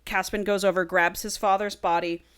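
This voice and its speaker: A woman's voice: mid-range voice, little pitch movement, moderate pace, clean tone. A woman casually retelling a book's plot on a podcast, swearing freely and acting out the characters' lines. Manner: chatty, swears freely, acts out dialogue. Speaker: podcast co-host.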